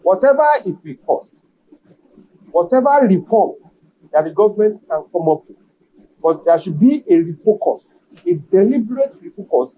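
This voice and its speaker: A man with a notably high voice sets out his case in a measured, emphatic way, leaning on repeated phrases. The broadcast audio sounds muffled and lo-fi, with a faint hiss underneath. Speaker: business association leader. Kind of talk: policy interview answer.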